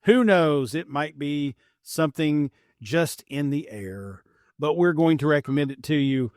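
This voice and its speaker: A middle-aged man from Appalachian Kentucky with a light Kentucky twang, hosting a podcast in a relaxed, rambling, self-deprecating way. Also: on the high side, a little slow, dry recording, clean studio sound. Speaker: podcast host. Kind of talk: casual podcast chat.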